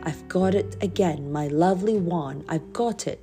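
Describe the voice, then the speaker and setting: A woman reading a storybook aloud and voicing a mischievous male pixie who chants and shouts gleefully. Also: on the low side, moderate pace, faint music behind, natural voice.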